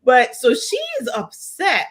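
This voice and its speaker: A woman's voice: high-pitched, very animated, measured pace. A woman hosting an opinionated commentary show, incredulous, reading out viewer comments. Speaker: host.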